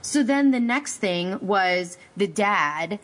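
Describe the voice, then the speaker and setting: A woman hosting a casual talk show, opinionated and lively, her voice going high when she gets excited. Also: takes it slowly. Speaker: podcast host. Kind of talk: casual chat.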